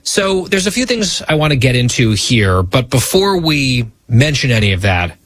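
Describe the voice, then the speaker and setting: A man's voice: mid-range voice, sing-song, moderate pace, a bit bright, no room sound. A man hosting a radio talk show, bantering with a co-host in a wry, teasing way.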